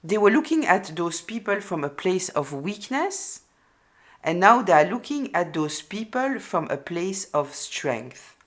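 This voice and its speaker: A woman giving a collective tarot reading, speaking haltingly with many fillers and repeated words, openly emotional. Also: fairly low pitch, big pitch swings. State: moved, emotional. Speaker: tarot reader.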